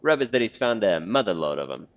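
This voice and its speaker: A man's voice: lowish voice, very animated, quick pace, a little hiss or hum. A man voicing a blunt, secretive male corpse collector in a game, on a dull lo-fi recording. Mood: shady.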